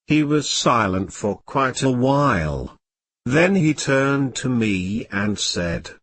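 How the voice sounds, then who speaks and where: A computer-generated male voice narrating an audiobook in a slow, even reading. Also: medium pitch, dry recording.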